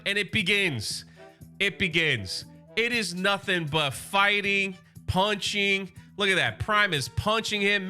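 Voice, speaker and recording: Excited high-voiced man recapping a comic. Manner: enthusiastic, casual, reads quotes aloud. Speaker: comic book channel host.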